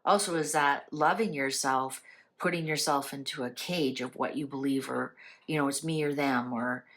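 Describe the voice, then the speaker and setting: Woman with a low voice chatting about spiritual stuff, lots of rhetorical questions and "right?". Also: normal speed, a bit bright. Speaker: channel host. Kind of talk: casual spiritual talk to camera.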